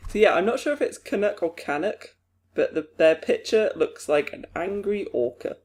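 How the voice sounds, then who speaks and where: Lively young British man, higher voice. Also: moderate pace. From Britain. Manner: lively, laughing, mimics others in high voices. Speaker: podcast co-host. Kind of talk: casual chat.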